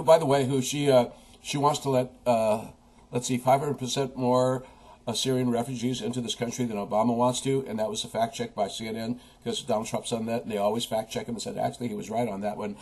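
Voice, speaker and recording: Guy with a raspy husky voice going off on a preachy political rant. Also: mid-range voice, a little mellow. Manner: preachy, quotes scripture, talks straight at the audience. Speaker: political commentator.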